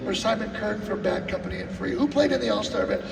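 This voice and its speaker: A man, a drummer at a live clinic, telling animated stories and acting out the people in them, recorded from a distance in an echoing hall. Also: high-pitched, quick pace, gravelly, slight background noise. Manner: animated, acts out quotes and sings drum cues. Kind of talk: live anecdotal storytelling. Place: live event venue. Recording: roomy hall, distant mic, faint music.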